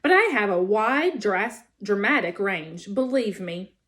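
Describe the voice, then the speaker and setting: A woman voicing a dramatic, chatty female possum who loves to perform. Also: measured pace. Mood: chatty, theatrical. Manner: animated, showy, high-pitched.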